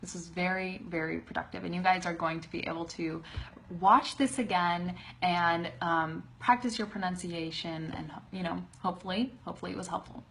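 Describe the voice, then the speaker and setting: A young woman teaching a live online English pronunciation lesson, chatty and laughing often, slowly modelling words on a webcam. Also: lowish voice, steady tone, vocal fry, a bit bright, a little hiss or hum.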